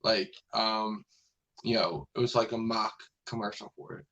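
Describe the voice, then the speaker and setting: Guy rambling thru an episode recap, lowish voice, lots of um and like. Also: normal speed, fairly bright tone, muffled recording. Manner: rambling, many fillers and restarts. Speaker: show host reviewing episodes. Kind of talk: casual spoken review.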